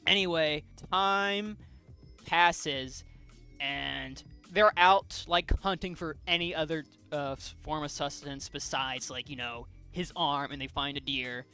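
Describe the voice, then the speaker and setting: A podcast co-host casually retells a comic's plot, rambling with lots of fillers and restarts. His voice is fairly high, sharp, clear and resonant, with a steady tone and a measured pace, and faint music plays behind him.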